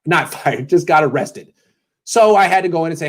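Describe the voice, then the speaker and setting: A man's voice: on the high side, animated, moderate pace. A man in his thirties, a sports blogger hosting a casual pregame show, telling stories with sarcastic asides and mock voices. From California.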